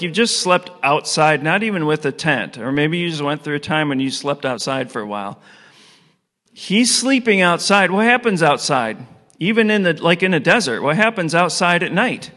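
A man's voice: fairly high pitch, sharp tone. Middle-aged guy preaching in a church hall, chatty, asks the crowd stuff, long echo. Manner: casual, storytelling, asks the audience questions. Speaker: pastor. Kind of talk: conversational sermon.

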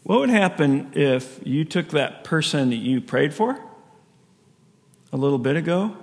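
A man's voice: a little high, gravelly. A man preaching a sermon as a pastor, telling stories in a loose conversational way with frequent chuckles. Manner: conversational storytelling with frequent laughs. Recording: long reverb of a large hall.

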